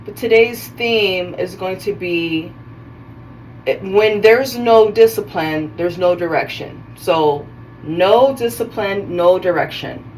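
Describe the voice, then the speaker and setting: A woman hosts a casual self-care video, chatting while styling her hair and frequently correcting herself mid-sentence. Her mid-range voice is slow and darkish, sounding somewhat off-mic and far away, with poor audio and faint background noise.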